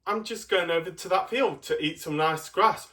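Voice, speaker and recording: A man's voice: high voice, normal speed, sharp tone, roomy sound, distant mic, voice pushed up. A man voicing a small, meek young billy goat who pleads in a timid tone.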